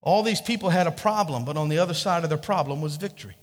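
In a church, a male pastor preaches conversationally in a slightly high voice at a quick pace, repeating words and putting questions to the congregation. The hall is echoey.

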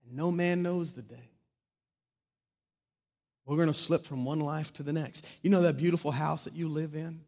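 A man preaching a sermon in a large church hall, impassioned, swinging from loud proclaiming to hushed intimacy. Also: fairly high pitch, fairly even intonation, moderate pace, long pauses. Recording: long reverb of a large hall.

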